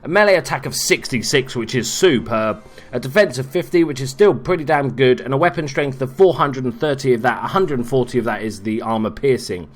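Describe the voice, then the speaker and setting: A man's voice: medium pitch, fairly quick. A man hosting a casual gameplay guide, talking in an offhand, joking way with frequent asides. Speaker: game guide host.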